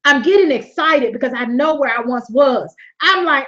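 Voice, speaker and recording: A woman hosting a webinar, giving a lively motivational faith talk, laughing often and repeating her points like a preacher. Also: sits high, moderate pace, hardly any pauses. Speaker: webinar host. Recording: dull lo-fi webinar audio.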